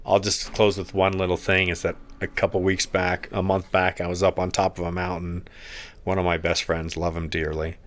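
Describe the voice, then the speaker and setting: Deep-voiced male podcast co-host, earnest and heartfelt, casual reflective talk. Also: fairly bright tone. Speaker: podcast co-host recovering from an accident. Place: friends' house, indoors.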